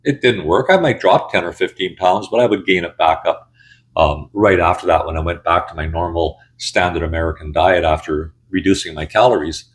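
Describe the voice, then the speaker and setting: Man in his 60s, low voice, candid and blunt, casual personal storytelling, channel host. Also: fairly quick.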